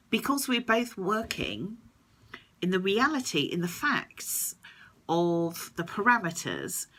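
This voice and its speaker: Woman vlogging to camera, unhurried, explaining things thoughtfully, very expressive voice. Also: fairly low pitch, background noise. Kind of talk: reflective talk to camera.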